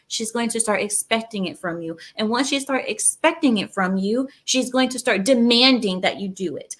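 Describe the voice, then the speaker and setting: With a slightly high, somewhat bright voice, a woman running her channel comments on a clip in an opinionated way, emphatic and repetitive, as if giving a lecture.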